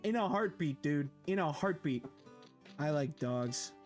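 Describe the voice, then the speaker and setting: Male streamer, high animated voice, jokey and profane, music under. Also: measured pace. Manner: excitable, joking, swears a lot, sudden yells. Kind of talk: casual game-stream commentary.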